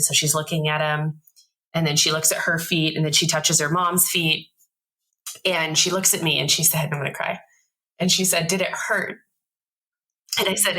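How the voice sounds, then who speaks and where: A woman in her thirties, a podcast guest telling a story in a casual, animated way and acting out the voices of the people in it. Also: deep voice, rough recording.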